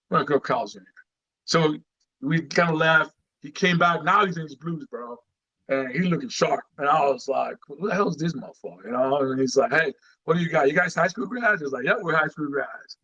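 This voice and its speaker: In a laid-back podcast interview, a retired Marine from Guatemala, a middle-aged man, recounts his story with animation and plenty of "you know"s. His voice is medium-pitched, and the audio sounds lo-fi.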